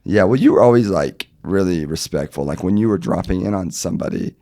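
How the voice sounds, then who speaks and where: A man in his thirties co-hosting a casual podcast while sick, his voice gone deep, trolling in a deadpan way with lots of "right?". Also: fairly quick, dry recording, studio quality. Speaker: podcast co-host. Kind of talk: casual chat.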